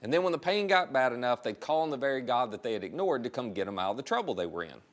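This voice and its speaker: A man's voice: mid-range voice, big pitch swings, quick pace. A middle-aged man preaching a sermon in a conversational, storytelling way, often putting direct questions to his listeners. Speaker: pastor.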